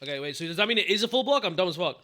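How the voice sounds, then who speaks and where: A young man chatting through a live game stream, profane and quick to get worked up. His voice sits a little high for a man and comes across bright and forceful, and he keeps calling his viewers "bro". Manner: profane, excitable, calls the chat bro. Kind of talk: casual live-stream gaming chat.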